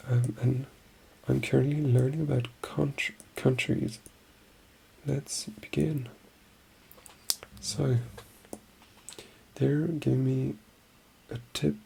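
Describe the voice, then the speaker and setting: An ASMR creator talking in a soft-spoken ASMR ramble, murmuring and often slipping into a whisper, slowly repeating practice words to themselves. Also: mid-range voice, creaky, a little hiss or hum.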